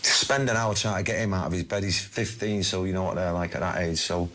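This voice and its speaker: A blunt Mancunian man in his forties rattles on at a quick clip in a fairly low voice, with laddish swearing. The recording has a faint hiss behind him. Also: a bit bright. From Manchester, England. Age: 40s. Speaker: musician guest. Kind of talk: casual interview chat.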